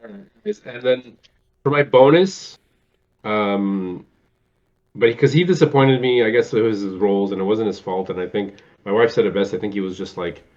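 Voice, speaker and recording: A man's voice: fairly low pitch, expressive, moderate pace, darkish tone, highs cut off. A man co-hosting a casual movie chat, rambling with many fillers and acting out quotes in a theatrical voice. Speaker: podcast co-host.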